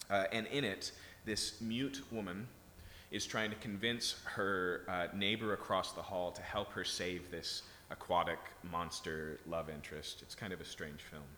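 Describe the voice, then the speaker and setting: A man with a deep, sharp-toned voice preaches a sermon conversationally, often checking in with his listeners. The recording is in an echoey hall and carries a little hiss or hum.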